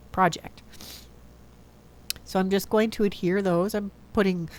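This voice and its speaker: Stuffy-nosed woman chatting through a craft. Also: lowish voice. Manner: chatty, self-correcting, thinks aloud. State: stuffy from a cold. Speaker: card-making video host. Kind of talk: casual crafting voice-over.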